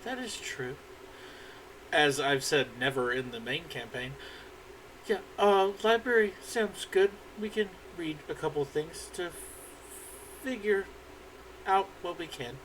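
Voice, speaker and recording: Sarcastic guy playing his character, talks slow and dry. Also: a little high, lively intonation, fairly bright tone, a little hiss or hum, low-quality recording. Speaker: player. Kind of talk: casual in-character play.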